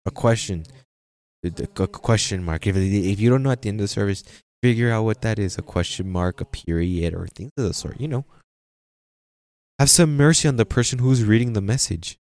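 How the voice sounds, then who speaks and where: A pastor giving a sermon in church, preaching with energy and sprinkling in frequent amens and repeated phrases. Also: male voice, lowish voice, a little fast, a little mellow. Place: church sanctuary.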